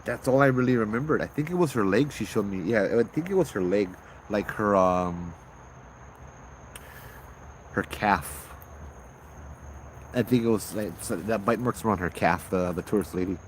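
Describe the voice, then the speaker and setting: A man, casually telling ghost stories on a livestream outdoors at night, chatty and relaxed, greeting viewers and laughing often. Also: lowish voice, normal speed, pauses often, a little hiss or hum. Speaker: ghost-story livestream host and former tour guide. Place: outdoors at night with bugs around.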